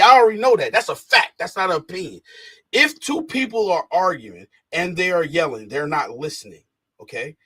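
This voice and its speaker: A man's voice: a little high, pushed and bright, husky. A man in casual chat, talking emphatically and lecturing, repeating his points. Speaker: podcast host.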